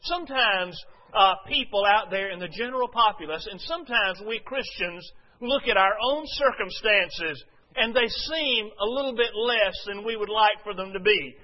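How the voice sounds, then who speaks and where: A man with a high voice preaches to his congregation and speaks to them directly. He tells a long story and pauses often with "uh". The recording is dull and muffled, with a long reverb from a church hall. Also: expressive. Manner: storytelling with frequent "uh" fillers. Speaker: pastor. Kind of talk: sermon.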